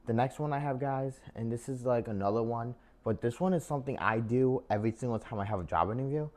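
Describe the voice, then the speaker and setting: Talking fast, a young man with a medium-pitched, darkish voice chats to camera about job interview tips. He addresses viewers as "guys" and leans heavily on filler words like "like" and "um."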